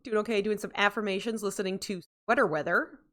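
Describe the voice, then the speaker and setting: A woman with a medium-pitched, slightly bright voice talks quickly while streaming a game, casually chatting with viewers. Sleepy and yawning, she rambles, cuts herself off, reads from chat, and laughs often.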